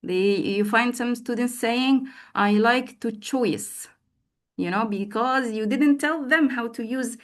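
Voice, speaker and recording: A woman's voice: fairly high pitch, a little slow, hardly any pauses. Woman teacher trainer, live web class, chatty and encouraging, lots of fillers. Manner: lively, calls on participants by name, frequent fillers.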